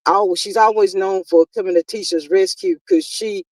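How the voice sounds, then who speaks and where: A woman's voice: mid-range voice, steady tone, darkish tone, dry recording, far from the mic, rough recording. A woman, chatting casually and exasperatedly as a live-stream commentary host. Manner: exasperated, talkative, drawn-out exclamations.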